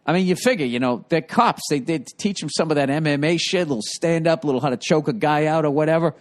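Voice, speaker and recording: A man's voice: a little high, fast. A man hosting a podcast, telling stories in a casual comedic monologue, with profane, rambling delivery. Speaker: podcast host.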